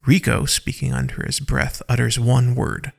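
A man giving slow, deliberate scripted narration for an audio drama. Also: medium pitch, level tone, vocal fry.

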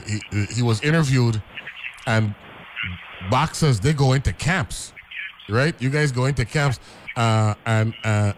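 A man's voice: medium pitch, background noise. A man hosting a radio talk show, rambling with many repeated words and asking "right?" often. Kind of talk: casual radio chat.

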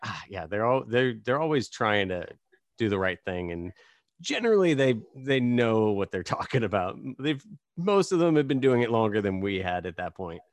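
A man's voice: fairly low pitch, big pitch swings, normal speed, dry recording. A man hosting a casual podcast conversation, telling rambling, self-deprecating stories. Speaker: podcast host.

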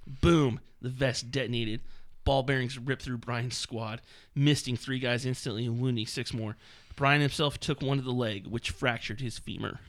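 A man's voice: medium pitch, steady tone, moderate pace, hardly any pauses, fairly bright tone. A man in casual podcast chat, reading passages from a book aloud with mocking asides and laughter. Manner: mocking, laughing while reading, many fillers.

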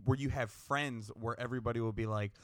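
A man co-hosts a relaxed podcast with a bright, forceful tone at mid pitch. He chats and plays out what his friends would say. The mic is close and dry. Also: fast talker, dry recording. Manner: chatty, acts out quoted friends. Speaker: podcast co-host. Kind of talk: casual podcast chat.

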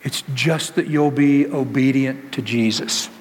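A man's voice: medium pitch, unhurried. A male pastor giving a conversational sermon, asking the congregation rhetorical questions and joking with them. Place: church sanctuary. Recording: long reverb of a church hall.

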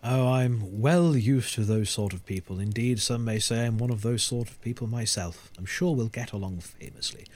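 A man's voice: mid-range voice, moderate pace, few pauses, darkish tone, close to an everyday voice. A man playing a pompous, tea-loving old professor. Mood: genteel. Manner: pompous, formal, mannered. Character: fussy, tea-loving older male professor.

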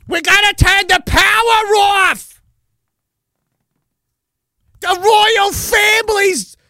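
A frantic, brainwashed alarmist, as a man puts him on, shrieking orders well above his usual pitch. He yells with a slow, overwrought panic. The sound is dry and close. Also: no echo, full character voice. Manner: frantic, shrill shouting.

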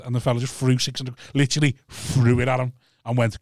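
A man telling a rambling, animated anecdote in casual podcast chat. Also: medium pitch, quick pace, few pauses, a little hiss or hum.

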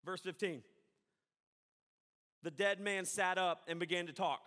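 A man preaching a sermon as pastor, animated and conversational, acting out the voices of people he quotes. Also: high-pitched, unhurried, long pauses, long reverb tail.

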